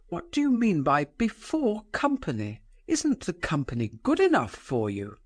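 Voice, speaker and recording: A man's voice: high voice, no room sound, studio quality, pitched above the performer's own voice, exaggerated voice. A man voicing a proud, defiant young woman. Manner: solemn and forceful, scornful.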